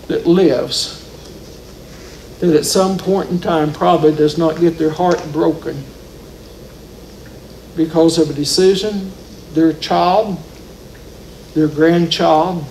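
A man's voice: on the high side, steady tone, takes it slowly, long pauses, darkish tone, slight background noise. A man preaching a sermon in a church, telling the story with rising and falling emphasis. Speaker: pastor. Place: church sanctuary. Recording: roomy church echo.

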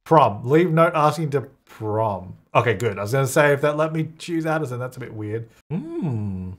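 A man's voice: medium pitch, lively intonation, normal speed. A young man chatting while playing a life-sim game, laughing often and slipping into brief silly voices for the characters. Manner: chatty, laughs often, jumps between playful put-on voices. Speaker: gaming video creator.

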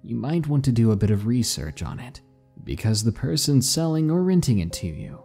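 For a podcast, a man reads true ghost stories in a husky, mellow voice whose pitch rises and falls in a lively way. He builds suspense with measured pauses while faint music plays underneath.

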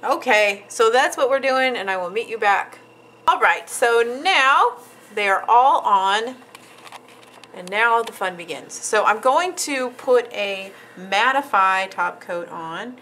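A woman's voice: fairly high pitch, expressive, slow pace, bright, forceful tone, poor audio. A woman nail artist casually narrating a tutorial as she works, chatty with frequent ums and asides. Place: nail salon.

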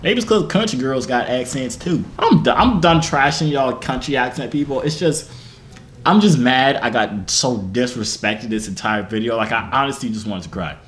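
Rambling young YouTuber wrapping up. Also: male voice, medium pitch, expressive, normal speed, a little hiss or hum. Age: 20s. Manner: rambling, self-mocking. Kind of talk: vlog outro.

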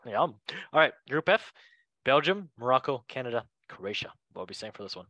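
A man hosting a casual chat, playful and joking with quick asides. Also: mid-range voice, animated, bright, forceful tone, dry recording. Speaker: host.

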